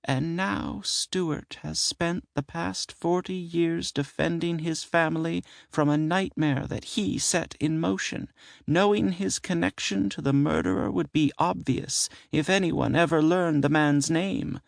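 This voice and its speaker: A fretful older aunt, voiced high and hushed by a man reading an audiobook. She speaks in a soft, haunted, half-sleepy way. The delivery is dry and close. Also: steady tone, a little slow, vocal fry, no room sound. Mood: anxious.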